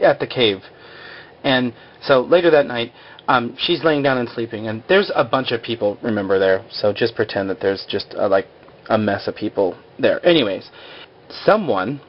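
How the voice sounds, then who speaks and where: A man casually recapping a TV episode in a rambling way, full of fillers, on a slightly dull lo-fi recording. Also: mid-range voice. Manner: rambling, full of "like" and "you know".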